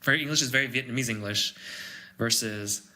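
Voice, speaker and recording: A man with a very bright, forceful voice co-hosts a casual podcast chat. He rants about his gripes and swears freely, and his tone is tense and sharp. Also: mid-range voice, brisk. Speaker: podcast co-host.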